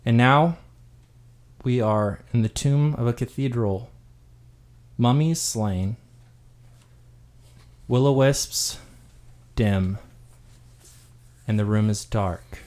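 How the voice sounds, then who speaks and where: A man in his role as game master, narrating a tabletop game backstory with steady, dramatic storytelling. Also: medium pitch, slow pace, pauses often.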